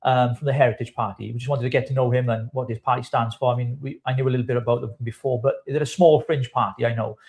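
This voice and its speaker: A man's voice: mid-range voice, steady tone, fast, few pauses, a little mellow. A man, co-hosting a political live stream, angry and swearing, with many stumbles and restarts. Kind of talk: heated political commentary.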